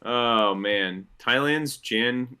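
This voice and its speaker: Bright-voiced chatty man. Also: mid-range voice, extremely slow, smooth. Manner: chatty, laughs easily. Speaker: podcast co-host. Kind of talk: casual chat and script reading.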